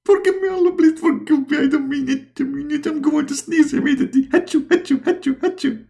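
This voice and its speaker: Comic sketch: man plays a frantic, high-voiced prophet, begging and repeating himself. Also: fast talker, vocal fry, warm tone. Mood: pleading. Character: frantic pleading male prophet in a comic skit.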